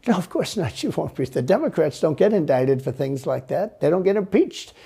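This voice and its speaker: Man in an interview, gravelly raspy voice, kinda dark and mellow, goes on and on repeating himself. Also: a little high, sing-song, a little fast. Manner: rambling, repetitive, emphatic. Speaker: interview guest. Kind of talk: political interview answers.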